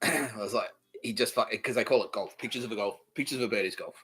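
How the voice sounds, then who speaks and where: A man with an Australian accent delivering a rambling, profane comedic monologue, repeating himself and swinging between loud outbursts and mumbling. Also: on the low side, quick pace, husky. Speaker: podcast host.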